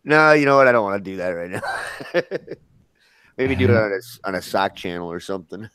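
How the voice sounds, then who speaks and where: A man in a casual stream chat, asking quick questions and laughing often. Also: on the low side, a bit bright, clear, resonant tone, no room sound.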